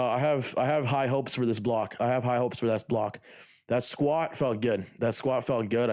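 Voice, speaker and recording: A man's voice: medium pitch, darkish tone. A man chatting casually on his livestream. He rambles, swears freely and fills gaps with "uh". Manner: rambling, profane, lots of fillers. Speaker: livestreamer and lifter.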